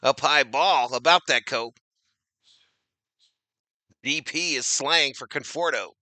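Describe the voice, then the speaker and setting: A man's voice: mid-range voice, slow pace, pushed and bright, dry recording. A man giving casual, slangy fan play-by-play of a baseball game, laughing often and reading chat comments aloud. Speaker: live-stream baseball commentator.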